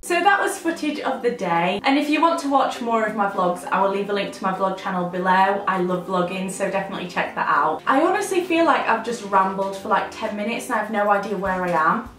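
A woman's voice: mid-range voice, animated, fairly quick, few pauses, fairly bright tone, reverberant. A woman, chatting to camera in a bubbly, rambling vlog. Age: 20s. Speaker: lifestyle vlogger.

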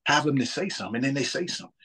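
A man in his thirties with a husky voice speaks in an ordinary middle pitch. He talks about faith in a casual, earnest way. He often restarts and repeats words as he works out a thought. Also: animated, rapid-fire, pushed and bright. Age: 30s.

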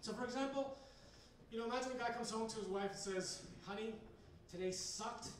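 A high-voiced man talks fast through a rambling, hesitant stand-up set packed with fillers. Captured on a handheld recorder from far back in the audience of a bar, the clip carries heavy room echo and a faint ambient hum.

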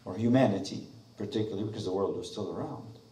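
A male pastor preaching a sermon, animated and questioning the congregation. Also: fairly low pitch, fast, roomy sound, recorded from a distance. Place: church sanctuary.

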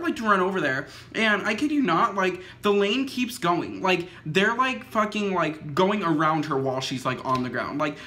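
A high, bright young man's voice telling a story to the camera. He rambles along, drops "like" into nearly every phrase, and swears casually as he goes. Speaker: vlogger. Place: indoors at home, dim lighting.

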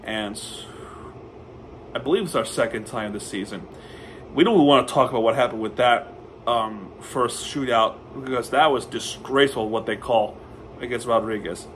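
A man recapping a hockey game as a fan, talking in a casual, excitable way and often stumbling and correcting himself. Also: medium pitch, moderate pace, a little hiss or hum.

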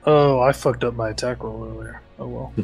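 A man's voice: medium pitch, fairly even intonation, normal speed, gravelly, slightly rough, faint music behind. A man playing a tabletop game, talking casually, swearing freely and working through the rules aloud. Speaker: player.

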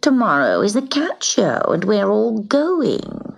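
A woman's voice: mid-range voice, wildly swooping pitch, takes it slowly, creaky, slightly rough, pitched above the performer's own voice, exaggerated voice. A woman voicing a haughty female prize show cat who speaks in a sneering, scornful way.

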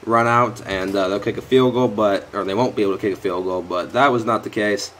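A young gaming YouTuber gives live commentary on his own football video game, swearing at his players in frustration while sitting close to a headset or desk mic. His voice is fairly low and fairly bright, with fairly even intonation and a slightly fast delivery.

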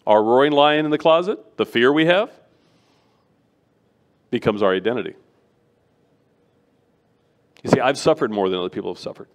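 A middle-aged man giving a sermon as a guest preacher, animated and acting out the voices of people he quotes. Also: mid-range voice, normal speed, pauses often.

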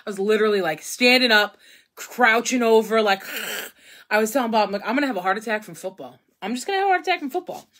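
A woman's voice: medium pitch, a bit bright, low-quality recording. A woman, hosting a casual live painting tutorial, chatty and rambling as she talks to viewers while she works at home. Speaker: craft live-stream host.

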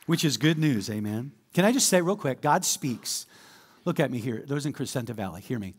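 A man preaching a sermon as pastor, animated and calling on the congregation to respond. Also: medium pitch, a little fast, slightly rough. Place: church sanctuary.

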